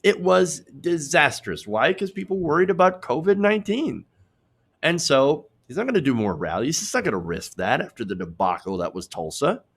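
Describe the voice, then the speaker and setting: A man's voice: a little high, very animated, normal speed, slightly rough. A man hosting a political commentary show, reading out posts and mocking them in a sarcastic, chatty way, laughing at his own jokes.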